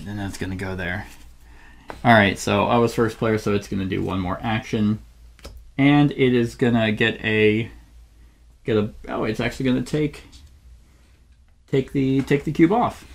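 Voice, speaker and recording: A man's voice: mid-range voice, vocal fry. A man hosting a solo board game playthrough, thinking aloud and often searching for the right word mid-sentence. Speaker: channel host playing a board game solo.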